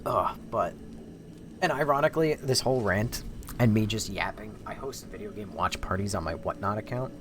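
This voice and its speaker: A man's voice: fairly low pitch, normal speed. A man streaming, rambling casually and swearing freely as he breaks off and restarts his thoughts. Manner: rambling, profane, self-interrupting. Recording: noisy background.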